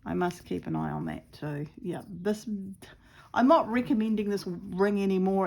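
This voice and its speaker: A woman casually talking viewers through her stitching, chatty and quick to laugh at her own mishaps. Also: mid-range voice, gravelly, darkish tone. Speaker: craft vlogger.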